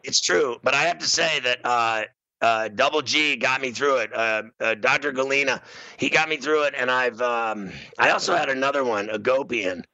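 A middle-aged man hosting a radio show, telling a comic story in an animated way. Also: moderate pace, no echo, muffled recording. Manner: animated storyteller, bursts into high screaming. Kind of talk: comedic storytelling.

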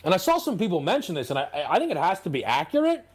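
A man's voice: high-pitched, wildly swooping pitch, rapid-fire, breathy edge. A man co-hosting a sports talk show, riffing casually and playing out imagined quotes. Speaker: sports radio co-host.

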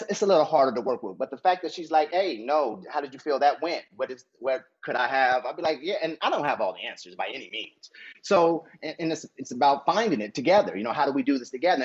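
A middle-aged man with a husky, slightly high voice talks casually as an actor guest. He acts out quoted voices and laughs easily. The audio is dull and muffled. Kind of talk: casual interview talk.

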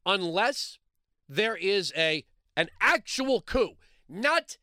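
A man's voice: sits high, sing-song, takes it slowly, pushed and bright, no room sound, studio quality. A man hosting a talk radio show, delivering a sarcastic, combative monologue and repeating lines for emphasis.

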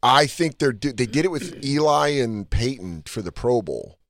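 A man's voice: medium pitch, expressive, moderate pace, dry recording, studio quality. A man hosting a casual podcast chat, joking and profane. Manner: joking, profane, does mock voices. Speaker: podcast host.

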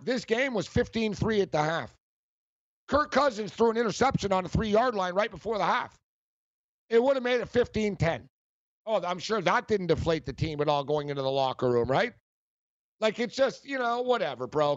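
Sports rant host dude, kinda high voice, mocking and heated, dry lo-fi audio. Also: male voice, expressive, normal speed, no room sound. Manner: heated, mocking, repeats himself. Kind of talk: ranting sports commentary.

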